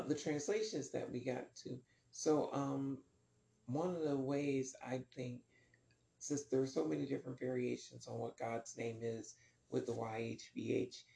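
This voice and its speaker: A man's voice: medium pitch, vocal fry, warm tone, echoey room. A man teaching a casual Bible lesson, rambling with many ums and restarts.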